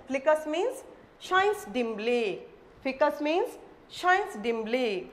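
A woman's voice: sits high, big pitch swings, extremely slow. A woman with an Indian English accent teaching a vocabulary lesson to children, spelling each word letter by letter and repeating every phrase twice.

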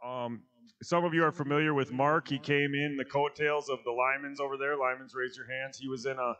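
Earnest pastor on a muffled recording. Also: male voice, medium pitch, little pitch movement, a little fast, bright, forceful tone. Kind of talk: brief appeal to the congregation.

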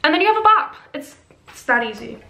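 A woman's voice: high voice, very animated, brisk, creaky, sharp tone, echoey room, low-quality recording. A young woman chatting in a casual vlog, bubbly and self-mocking, rambling with lots of fillers and sleepless late at night. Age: young adult. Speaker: vlogger. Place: bedroom, then a room with a piano.

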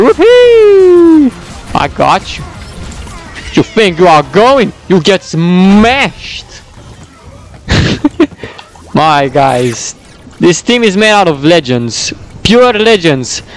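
Excitable male gaming commentator with a high, bouncy voice who takes his time, whoops a lot, faint game music under him. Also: slow pace. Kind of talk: excited let's-play commentary.

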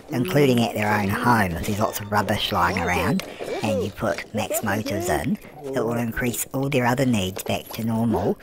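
A man's voice: lowish voice, natural voice. A man voicing a chatty elderly grandmother who comments on a life-sim game, cooing "love" at everyone and answering her own questions. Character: chatty elderly British grandmother, fussing and cheeky. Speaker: gameplay commentator. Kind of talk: comic let's-play commentary in character. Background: background music.

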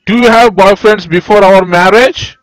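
A jealous young puppet husband, voiced by a woman, drawls his accusations in a slow, swooping voice and stammers his way through apologies. The sound is close and dry, as in a homemade puppet comedy. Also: mid-range voice, very animated, fairly bright tone, no room sound, rough recording. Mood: accusing.

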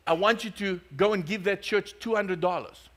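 A pastor gives voice to God as a calm, insistent male voice with a fairly high pitch. The instructions are plain and repeated. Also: normal speed.

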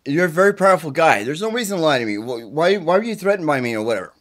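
A man's voice: on the high side, big pitch swings, racing, a bit bright. Sick, profane man pleading agitatedly. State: sick with the flu, congested and tired. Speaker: self-recording video poster. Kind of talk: rambling direct-to-camera plea. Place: indoors at his mother's home.

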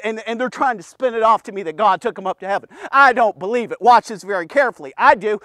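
A man giving a casual, energetic men's devotional, talking to the listener in punchy bursts and often checking in with "okay?". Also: extremely high pitch, racing, no room sound, clean studio sound. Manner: punchy, keeps asking "okay?", bursts of loud exclamations. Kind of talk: casual energetic Bible teaching.

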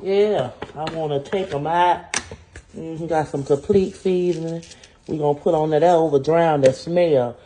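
Man playing a vengeful cheated-on wife, sassy comedy skit, calls viewers honey, warm voice, slightly high. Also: a little slow, lightly acted. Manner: sassy, talks straight to viewers with "y'all" and "honey". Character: scorned vengeful wife cooking for her cheating husband. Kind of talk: comedy skit cooking monologue.

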